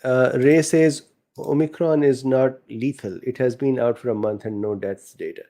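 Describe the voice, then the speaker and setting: Guy w/ an accent doing live q&a, reads chat out loud, lots of uhs, warm low-key tone. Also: steady tone, moderate pace. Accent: non-native English accent. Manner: reads chat questions aloud, frequent fillers, chuckles. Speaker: host answering viewer questions. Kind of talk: casual live Q&A talk.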